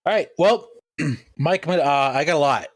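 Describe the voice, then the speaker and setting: A man's voice: on the high side, a little slow, no echo. A man co-hosting a podcast in casual chat, talking in a dry, blunt, teasing way. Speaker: podcast co-host.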